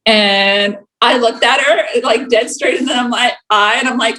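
A woman's voice: on the high side, steady tone, unhurried, sharp tone, poor audio. Woman, young adult, casual storytelling, laughs a lot, lots of "like". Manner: chatty, laughs often, many "like" fillers. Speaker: guest telling her story.

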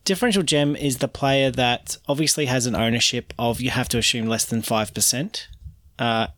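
Cheeky podcast co-host. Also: male voice, mid-range voice, steady tone, normal speed, fairly bright tone, no room sound. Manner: cheeky, jokey. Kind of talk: casual podcast chat.

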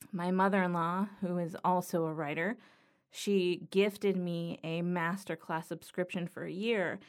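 A woman hosting a podcast, talking earnestly and reflectively in a solo monologue about writing from the heart. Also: mid-range voice. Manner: earnest, reflective, slow and thoughtful. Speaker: podcast host.

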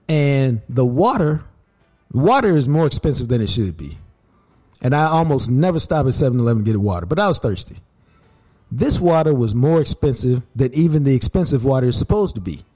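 A man hosting a podcast, telling stories in an emphatic, worked-up way. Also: medium pitch. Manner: animated, emphatic storyteller who gets worked up. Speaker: podcast host. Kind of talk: casual podcast chat.

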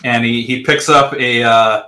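A man's voice: mid-range voice, fairly even intonation, measured pace, bright, forceful tone. A man narrating as game master of a tabletop game, describing scenes with frequent fillers and restarts. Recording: roomy echo.

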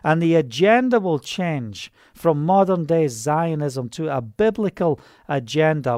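Male preacher, fervent and proclaiming, high voice, dry close recording. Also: expressive, a little slow, few pauses, a little mellow, dry recording. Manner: fervent, proclaiming, breaks into hallelujahs. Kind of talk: charismatic sermon and prayer. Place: Israel.

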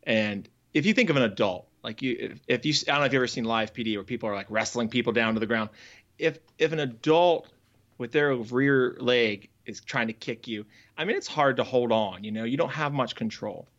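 A man speaks earnestly as an interview guest, recounting his past in a halting way, restarting his sentences as he goes. His voice sits at an ordinary pitch. The audio is slightly dull and lo-fi. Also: fairly bright tone. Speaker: guest, former farrier. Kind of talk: candid storytelling in an interview.

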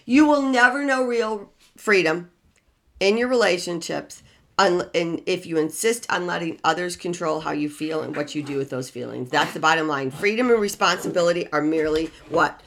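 A middle-aged woman with a somewhat low voice hosts a relationship podcast. She talks in a motivational, preachy manner. She is emphatic and repeats key phrases for weight. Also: moderate pace.

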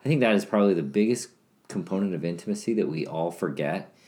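A man co-hosting a casual couples podcast, speaking calmly and finishing his partner's sentences. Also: deep voice, fast talker. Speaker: podcast co-host.

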